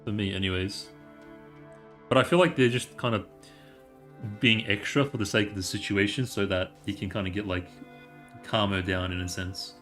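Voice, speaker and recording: A man's voice: on the low side, steady tone, moderate pace, pauses often, fairly bright tone, faint music behind. A man streaming a game, casually commenting and reading the story aloud, laughing and teasing.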